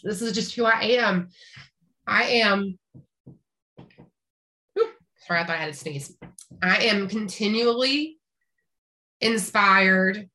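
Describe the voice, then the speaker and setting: A woman's voice: mid-range voice, pushed and bright. A woman in her thirties from rural East Tennessee, a veterinarian chatting as a podcast guest with an upbeat, talkative manner. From rural East Tennessee, Appalachia. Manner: chatty, upbeat, frequent restarts and laughs. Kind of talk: casual interview chat.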